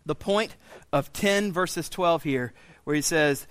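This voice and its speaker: A pastor preaching a sermon in a church, swinging from quiet intensity to loud, raised pleading. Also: male voice, on the high side, takes it slowly, no echo. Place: church sanctuary.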